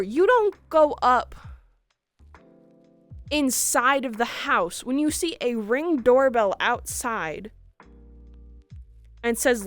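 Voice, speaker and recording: A young woman streamer telling a story casually in an animated way, laughing often. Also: fairly high pitch, slow pace, pauses often, dry recording, faint music behind.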